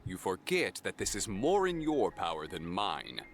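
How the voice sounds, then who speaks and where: A man voicing a grave otherworldly figure in a game, speaking in a stern, measured way. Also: deep voice, wildly swooping pitch, slight background noise, full character voice. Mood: solemn.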